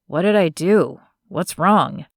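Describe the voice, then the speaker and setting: An earnest, smitten young man from a romance audiobook, as a woman narrator lowers her voice for him. He speaks slowly and tenderly. The recording is dry and close, with no room sound. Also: no room sound. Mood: worried. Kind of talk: audiobook character voice.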